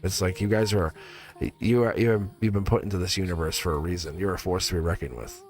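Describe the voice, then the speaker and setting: A man's voice: sits low, steady tone, fast talker, faint music behind. A man giving live-stream tarot readings to viewers in a rambling, earnest way, often restarting his sentences and getting emotional.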